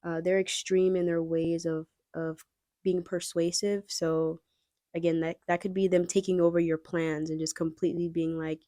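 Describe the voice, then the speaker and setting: Low mellow woman, chatty tarot reader. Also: little pitch movement, moderate pace, dry recording, studio quality. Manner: chatty and rambling, addressing viewers directly. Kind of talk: casual pick-a-card tarot reading.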